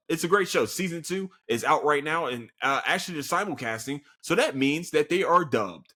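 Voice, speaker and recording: A man hosting his own podcast, ranting casually and profanely, excitable, then muttering apologies. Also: mid-range voice. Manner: animated, profane and excitable, swings between shouting and mumbled apologies. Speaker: podcast host. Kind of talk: casual solo rant.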